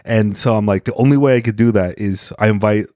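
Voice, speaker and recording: Male comedian guest, casual and jokey, lowish voice, dry close mic. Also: brisk, dry recording. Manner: animated, jokey, lots of fillers. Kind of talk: casual podcast chat.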